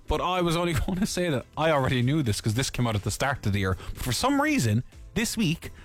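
A man hosting a morning radio show, bantering in casual chat and teasing his co-host. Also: mid-range voice. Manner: quick, animated, teasing banter. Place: radio studio. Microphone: studio microphone.

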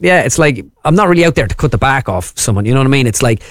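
A man's voice: mid-range voice, animated, no echo. Irish guy from the midlands, comedian guest rambling on, dry studio sound, mid voice. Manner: chatty, rambling, quick asides. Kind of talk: casual interview chat.

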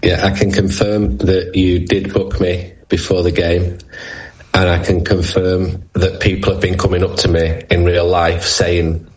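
A male football journalist on the line to a radio show. His voice is very low and flat, and he talks through the game in a measured, deliberate way. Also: poor audio. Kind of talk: phone-in radio interview.

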